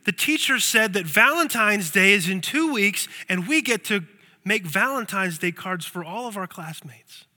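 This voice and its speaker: A man voicing an eager, excitable young schoolboy, bright and breathless. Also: high-pitched, moderate pace, in a large hall, exaggerated voice. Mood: excited.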